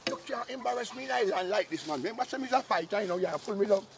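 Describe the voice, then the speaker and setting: A proud, boastful old Jamaican uncle, played by a man blusters and scolds in a strikingly high, reedy voice. He brags about the wars he fought and bosses everyone around, with a faint hiss of noise in the background. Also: expressive, rapid-fire. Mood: scolding goat. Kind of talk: comic sketch acting.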